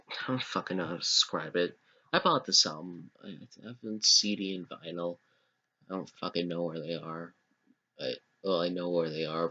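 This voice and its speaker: A young man giving a deliberately crude parody album review from his bedroom, rambling and swearing through a trolling rant. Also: sits low, sharp tone. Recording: muffled lo-fi home recording.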